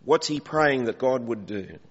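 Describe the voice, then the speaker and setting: A man's voice: medium pitch, lively intonation, a little slow. A man preaching a conversational sermon in a church, asking the congregation questions and calling for volunteers. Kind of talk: interactive sermon. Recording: dull recording with long hall reverb.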